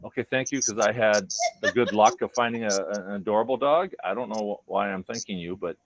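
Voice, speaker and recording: A man with a fairly low voice and vocal fry talks a little fast, sharing personal stories about his dogs in a casual, earnest way and voicing their thoughts as quotes. The dull, lo-fi recording has no room sound.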